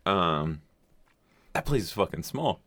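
Young male co-host, deep voice, crude and laughing storyteller, dry recording. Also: sing-song, takes it slowly, a bit bright, no room sound. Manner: swears freely and laughs through his stories. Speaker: co-host telling stories. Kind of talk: casual chat.

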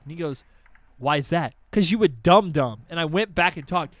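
A young man in casual chat, telling animated stories with lots of swearing and acted-out voices. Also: on the high side, normal speed.

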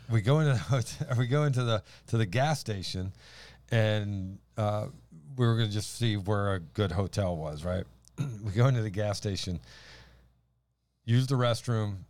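Man, lower voice, animated storyteller, laughs often, dry room. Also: dry recording. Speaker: podcast co-host. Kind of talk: casual faith chat and storytelling.

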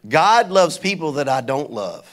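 Male pastor, high voice, animated sermon with call-and-response and casual anecdotes. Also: unhurried. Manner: conversational storytelling.

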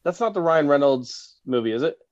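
A podcast guest, a man from Victoria, chats in a lively way, with a pitch that leaps around as he acts out stories and laughs often. His voice comes through dull and lo-fi. The sound is dry, with no room echo. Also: a little fast. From Victoria, British Columbia, Canada. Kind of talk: casual chat. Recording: dull lo-fi recording.

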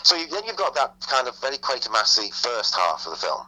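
Bright-voiced man rambling about films. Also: mid-range voice, very animated, fast, rough recording. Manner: hesitant, rambling opinions with many fillers. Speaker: film podcast co-host. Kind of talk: casual film discussion.

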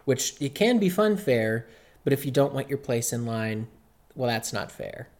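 A man's voice: medium pitch, very animated, moderate pace, a little mellow. A man co-hosting a podcast in casual chat, rambling loosely and swearing freely. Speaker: podcast co-host.

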